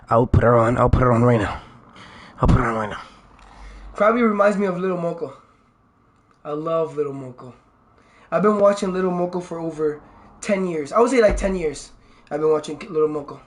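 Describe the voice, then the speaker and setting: A young man with a high, light voice streams live and talks straight to his chat. He is excitable and curses freely. He lurches from sudden loud outbursts down to quiet grumbling asides. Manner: excitable, swears a lot, jumps from loud outbursts to low mutters. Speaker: livestreamer. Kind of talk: casual livestream chat.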